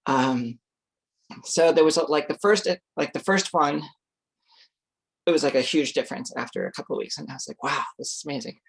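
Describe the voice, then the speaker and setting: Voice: mid-range voice, moderate pace, vocal fry, pauses often, husky. An adult vlogger telling a personal story in a casual, rambling way, full of fillers, swearing freely and acting out their own reactions.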